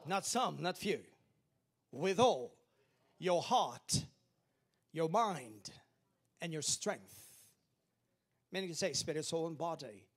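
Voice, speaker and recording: A male pastor delivers an emphatic sermon, leading the congregation in call-and-response. His voice sits a little high with a husky, breathy edge. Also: lively intonation, measured pace, long pauses, fairly bright tone.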